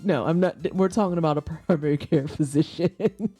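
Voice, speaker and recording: A woman in her thirties chats with her viewers in a relaxed, mellow voice. She tells her stories bluntly and candidly and swears without a second thought. Faint music plays low behind her desk microphone. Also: normal speed, hardly any pauses. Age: 30s. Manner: blunt, profane, candid storyteller. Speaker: streamer chatting with viewers. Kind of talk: casual chat. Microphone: desk microphone for headphone listeners.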